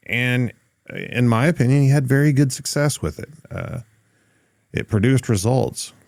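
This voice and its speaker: A man from Oklahoma hosting a podcast interview, relaxed and thoughtful, with frequent "uh"s. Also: mid-range voice, moderate pace, no room sound, studio quality. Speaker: podcast host. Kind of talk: casual interview chat.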